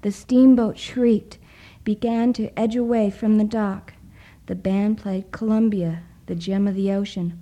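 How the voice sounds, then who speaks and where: A woman narrates a story in a hushed, often whispered voice. She reads slowly and lingers over every phrase. Her tone is very dark and mellow. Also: mid-range voice, fairly even intonation, rough recording. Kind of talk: soft-spoken story reading.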